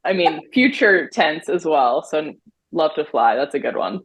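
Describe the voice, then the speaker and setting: A woman host asks her guest questions in a relaxed chat and laughs often. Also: sits low, a little slow, breathy edge, low-quality recording. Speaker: podcast host. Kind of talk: casual interview chat.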